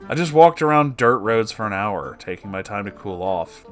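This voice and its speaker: A man reading an online story aloud with expressive, sarcastic, swearing asides. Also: lowish voice, normal speed, soft background music. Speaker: story reader.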